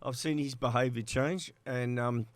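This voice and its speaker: A man's voice: medium pitch, steady tone, measured pace, no echo. A middle-aged Australian man, a guest on an interview podcast, telling stories in a chatty way, acting out quoted dialogue and laughing between lines. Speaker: interview guest, former player agent.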